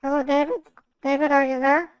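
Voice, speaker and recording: A man's voice: very high-pitched, little pitch movement, a little fast, no echo, highs cut off, voice pushed up. A man voicing a timid elderly woman who politely stalls and hesitates in a scam-bait phone role-play. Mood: polite stalling.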